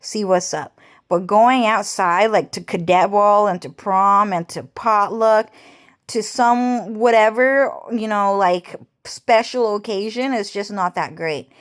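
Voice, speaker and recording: A woman's voice: medium pitch, takes it slowly. A young woman vlogger talking to camera in a rambling, agitated personal monologue, swearing heavily and repeating herself.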